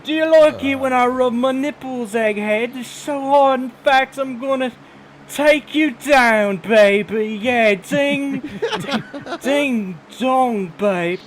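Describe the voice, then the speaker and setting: A man crooning a mock-seductive rap promo with breathy innuendo. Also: very high voice, a little hiss or hum. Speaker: YouTuber in a played clip.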